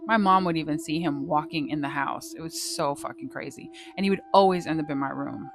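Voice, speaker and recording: A woman vlogger casually telling a ghost story, swearing freely in a lively, dramatic way. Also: low-pitched, a little fast.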